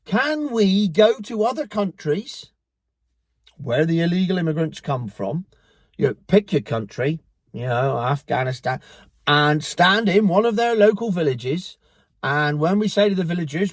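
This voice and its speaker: A man's voice: a little high, expressive, measured pace, no echo. A Cornish man delivering a profane, sarcastic opinion rant as a vlogger. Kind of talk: angry opinion rant to camera.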